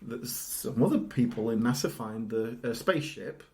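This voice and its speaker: A man with a medium-pitched voice chats as a podcast guest. He talks things through thoughtfully, restarting sentences and laughing lightly. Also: expressive, normal speed, a little mellow. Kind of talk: casual podcast chat.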